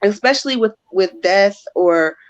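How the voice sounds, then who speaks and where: A woman psychic medium giving a live-stream spirit reading, gentle and casual. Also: medium pitch, expressive, measured pace, no room sound. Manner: emotional, gentle, casual colloquial. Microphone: phone. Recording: dull muffled phone audio.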